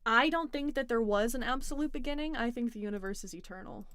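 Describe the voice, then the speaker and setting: A woman's voice: fairly high pitch, fast, smooth. Dry-humored woman hosting a call-in. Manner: relaxed, wry and dry-humored. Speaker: host. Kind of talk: casual call-in debate.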